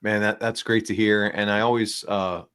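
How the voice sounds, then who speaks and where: A man's voice: lowish voice, flat delivery, moderate pace, fairly bright tone, clear, resonant tone. A man hosting a casual podcast, nasal and congested from the flu, upbeat and rambling with fillers. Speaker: podcast host. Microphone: small backup microphone.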